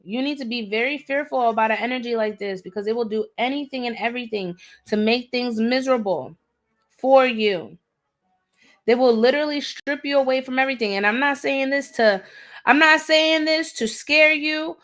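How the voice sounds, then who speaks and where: A woman's voice: fairly high pitch, moderate pace, fairly bright tone. A woman giving a live tarot reading, blunt and direct, scolding her viewer in slangy talk and repeating herself for emphasis. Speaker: tarot reader.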